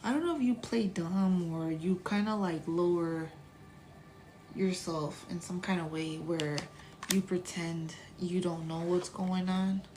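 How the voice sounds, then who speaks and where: A woman's voice: fairly low pitch, steady tone, unhurried, dark tone, a little hiss or hum. A woman doing a casual tarot reading, chatty and blunt, sometimes dropping to a whisper and swearing freely. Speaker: tarot reader.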